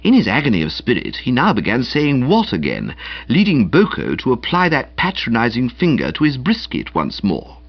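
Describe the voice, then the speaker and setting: Husky man, wildly expressive audiobook reading. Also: medium pitch, normal speed, no echo. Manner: expressive, wry first-person narration. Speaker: audiobook narrator. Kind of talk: audiobook reading of a comic novel. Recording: dull, slightly muffled.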